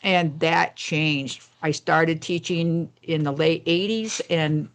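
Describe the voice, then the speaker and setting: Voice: medium pitch, takes it slowly, a bit bright. A retired teacher in their sixties talking emphatically in a casual podcast chat, repeating words for stress. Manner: emphatic and repetitive.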